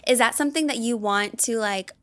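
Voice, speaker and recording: A woman's voice: fairly high pitch, brisk, fairly bright tone. A young woman hosting a casual podcast interview, chatty and agreeable with lots of filler words. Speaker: podcast host.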